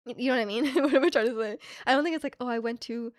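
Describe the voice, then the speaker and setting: A young woman from Canada streaming live, chatting casually and reading her chat aloud, rambling with lots of filler words and quick laughs. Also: a little high, no echo, clean studio sound. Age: young adult. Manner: rambling, heavy use of "like" fillers, frequent laughs.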